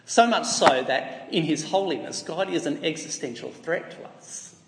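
A man's voice: a little high, moderate pace, vocal fry, noisy background. A man with an Australian accent preaching a sermon in an earnest, emphatic way, asking rhetorical questions. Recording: echoey hall with long reverb.

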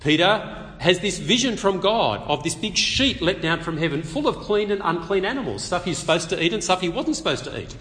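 A man preaching an expository sermon at a public meeting, conversational and animated, with touches of light humor. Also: high-pitched, brisk. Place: meeting hall. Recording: long reverb of a meeting hall.

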